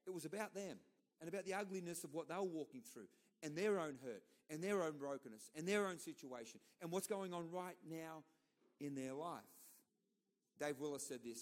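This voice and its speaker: A middle-aged Australian man preaches a sermon in a loose, storytelling style. His voice sits a little higher than usual for a man, and he leans on repetition and emphatic asides to drive his points home. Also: expressive, moderate pace. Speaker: pastor.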